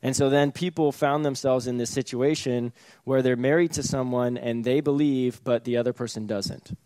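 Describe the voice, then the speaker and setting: A man's voice: medium pitch, fairly even intonation, moderate pace, a little mellow, no echo. A man preaching a sermon in a casual, conversational way, with sarcastic asides and chuckles. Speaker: pastor.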